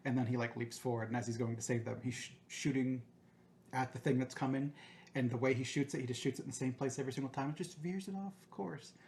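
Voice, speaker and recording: A man in his thirties chatting casually as a podcast co-host. His voice sits at a middle pitch, and he gets excitable, swearing freely and slipping into quoted voices. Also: fast talker, slight background noise. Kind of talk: casual chat.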